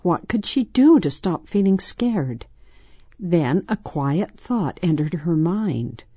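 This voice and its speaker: A woman reading a children's story aloud in a measured, soft storytelling manner. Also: lowish voice, sing-song, slightly rough, no room sound, lo-fi sound. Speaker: narrator.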